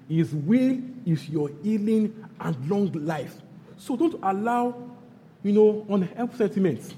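Animated Nigerian-accented man preaching. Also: high voice, a little hiss or hum. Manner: animated preaching, repeats phrases, swings between loud bursts and hushed lines. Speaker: pastor. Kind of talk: sermon. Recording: long hall reverb, faint background ambience.

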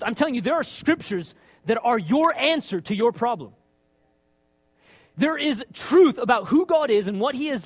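A man preaching a sermon in a conversational way, asking rhetorical questions and acting out lines of dialogue. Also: extremely high pitch. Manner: animated, acts out his own and God's lines.

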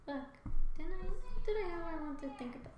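High-pitched woman with dry jokes, echoey room, faint hiss. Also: animated, quick pace. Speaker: podcast co-host. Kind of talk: casual chat.

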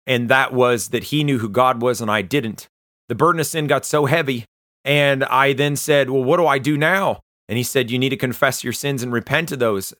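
A man earnestly telling his personal conversion story, halting often with fillers and restarts. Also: mid-range voice, pushed and bright, no room sound, clean studio sound. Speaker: testimony speaker.

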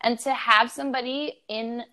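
Young female co-host, bright-pitched, effusive casual chatter full of "like". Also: steady tone, normal speed. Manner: gushing, enthusiastic, heavy use of "like" and "literally". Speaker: podcast co-host. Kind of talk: casual chat.

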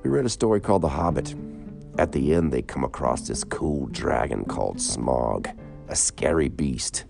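A man voicing an eager young boy with a high, excited voice. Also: normal speed, gravelly, over music, exaggerated voice.

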